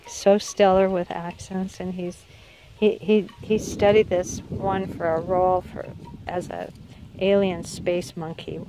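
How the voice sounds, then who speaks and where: Out in her backyard, a middle-aged woman vlogs a loose, chatty garden tour, often stopping mid-sentence to correct herself. Unwell, she has the hiccups. She speaks at a medium pitch with a darkish tone, over slight background noise.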